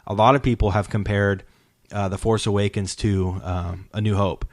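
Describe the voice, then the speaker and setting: A man's voice: fairly low pitch, level tone, moderate pace, no echo, clean studio sound. A man hosting a casual podcast chat, talking in an earnest, rambling way as he retells scenes. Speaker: podcast host.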